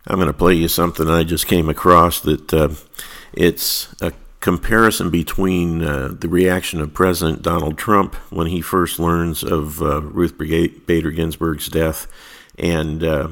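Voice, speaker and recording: A man's voice: rumbling low, steady tone, unhurried, fairly bright tone. A man opening his talk show casually, rambling and full of fillers.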